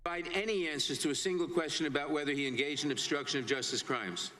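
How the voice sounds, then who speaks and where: Man, committee chairman, formal measured questioning, somewhat high pitch. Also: bright, forceful tone. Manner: measured, formal, reads out quotations. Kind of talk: hearing testimony questioning. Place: hearing room.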